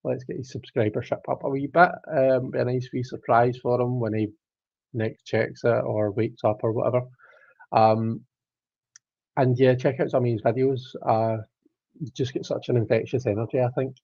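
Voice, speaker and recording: A man in his thirties chats casually on a tarot live stream, rambling from one thing to the next and greeting viewers by reading their comments aloud. His middle-pitched voice sounds dry and close. The audio is dull and lo-fi. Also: flat delivery, moderate pace, creaky, darkish tone, dry recording. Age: 30s.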